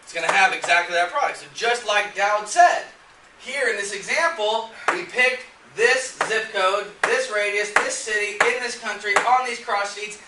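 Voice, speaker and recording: A man's voice: high-pitched, normal speed, heavy background noise. A man presenting a sales seminar who gets fired up and keeps quizzing his live audience. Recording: echoey room, mic at a distance.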